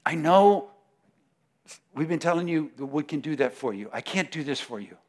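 High-voiced emphatic male preacher. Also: animated, moderate pace. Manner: emphatic preaching, swinging from loud declarations to hushed prayer. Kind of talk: sermon.

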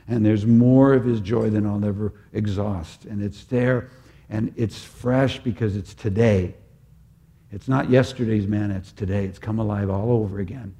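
A man preaching a sermon as a pastor, moving between loud emphatic peaks and quiet, intimate prayer. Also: on the low side, steady tone, a little slow.

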